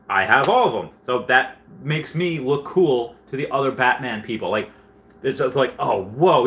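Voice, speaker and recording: A young livestream host chats casually, reading viewer comments and telling rambling, self-deprecating stories full of fillers. His mid-range voice is bright and forceful.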